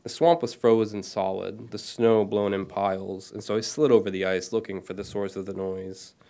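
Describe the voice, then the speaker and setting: Author in his thirties reading own story, lowish voice, self-deprecating, steady delivery. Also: normal speed, vocal fry. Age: 30s.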